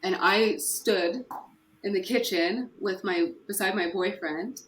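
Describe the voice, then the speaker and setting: A woman's voice: mid-range voice, slow pace, a little hiss or hum, poor audio. A woman from Canada, a podcast guest, candidly retelling hard personal memories in an earnest, conversational way. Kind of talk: personal storytelling interview.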